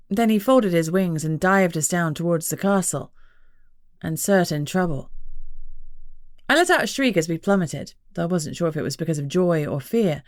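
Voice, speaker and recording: Low-voiced woman narrating. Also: animated, moderate pace, dry recording, clean studio sound. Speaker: audiobook narrator. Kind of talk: scripted first-person narration.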